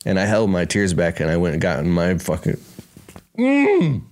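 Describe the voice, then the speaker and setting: Man with a deep voice, candid storyteller, casual and emotional, peppers speech with "bro". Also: steady tone, fast talker, a little mellow. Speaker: speaker at a business conference.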